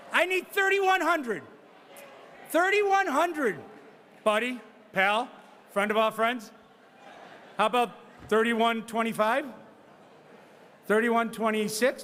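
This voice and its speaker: Hyped-up guy auctioneering at a gala, teasing folks, yelling bids, voice way up high and jumping all over. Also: slight background noise. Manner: energetic, teasing, shouts bids and whoops. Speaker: charity auctioneer. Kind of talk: live auction calling. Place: banquet hall at a charity gala.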